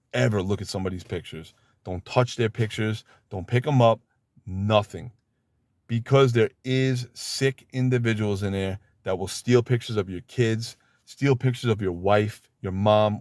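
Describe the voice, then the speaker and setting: A streetwise man talks bluntly and emphatically about prison rules, his voice on the low side. The sound is close and dry, with no room around it. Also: a little mellow, no room sound. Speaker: former inmate giving advice. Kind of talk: casual advice monologue.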